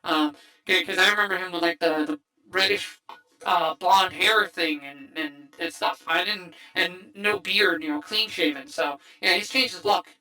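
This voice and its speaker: A woman hosting a casual livestream movie chat, excitable and rambling with many restarts. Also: lowish voice, normal speed, faint music behind, poor audio. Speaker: streamer host.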